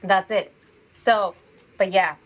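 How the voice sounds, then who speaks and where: A woman's voice: medium pitch, takes it slowly, rough recording. A woman from Mexico, an actress chatting as an interview guest and acting out the people she quotes. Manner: animated, acts out quoted voices. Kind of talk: casual interview chat.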